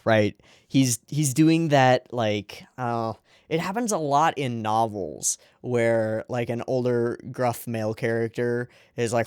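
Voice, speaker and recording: A man's voice: mid-range voice, measured pace, darkish tone, clean tone, no echo, studio quality. A man hosting an anime reaction channel, rambling through casual episode commentary and swearing freely along the way.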